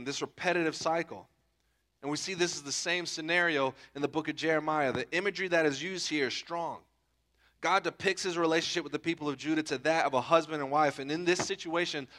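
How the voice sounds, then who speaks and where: A man's voice: fairly high pitch, fairly bright tone. A man in his thirties preaching a sermon in a conversational way, often checking in with the listeners with "okay?" and "right?". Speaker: pastor.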